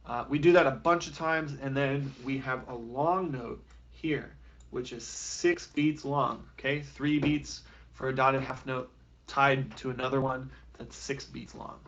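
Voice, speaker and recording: A man leads a beginner flute class over a live stream, speaking in a relaxed, encouraging way with lots of "um" and "okay". His voice sits in a middle pitch, and the audio is a little dull and lo-fi. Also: unhurried, a little hiss or hum. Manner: casual, encouraging, with frequent fillers. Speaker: music teacher. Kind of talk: live online music lesson.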